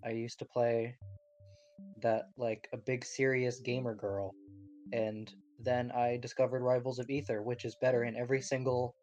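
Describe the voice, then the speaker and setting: A woman's voice: extremely low pitch, little pitch movement, normal speed, warm tone. Earnest, analytical young woman. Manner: earnest, analytical, swears casually. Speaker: podcast co-host. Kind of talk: casual chat.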